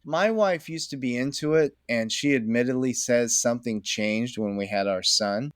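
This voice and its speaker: A middle-aged man with a medium-pitched voice talks as a podcast guest, rambling and enthusiastic, breaking into laughter often. The recording is dry and close, with no room sound. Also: normal speed, no echo. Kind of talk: casual conversation.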